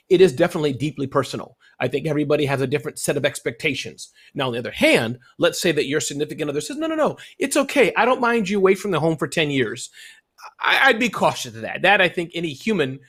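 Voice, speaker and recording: A middle-aged man talking as a guest in a casual interview, lively and jumping up in pitch when excited. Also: husky.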